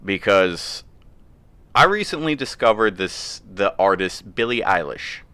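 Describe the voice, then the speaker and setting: A man's voice: low-pitched, unhurried, smooth. A man co-hosting a casual podcast, telling rowdy stories with lots of laughter and silly put-on voices. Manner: animated storyteller, laughs often, mimics voices. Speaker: podcast co-host. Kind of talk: casual crude podcast banter. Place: indoor room, video podcast.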